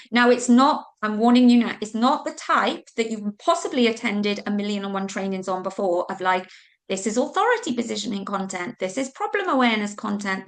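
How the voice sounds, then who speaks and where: A medium-pitched, slightly bright female voice belongs to a Welsh business coach running a live online training. Her style is conversational, heavy on "like" and "okay," and she'll swear mildly when she's flustered.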